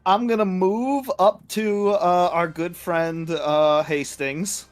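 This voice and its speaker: A man with a high voice speaks slowly and jokes around at a tabletop game, laughing as he goes. He asks about the rules and rolls dice, with faint music behind him. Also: fairly even intonation. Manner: joking, laughs often. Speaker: player.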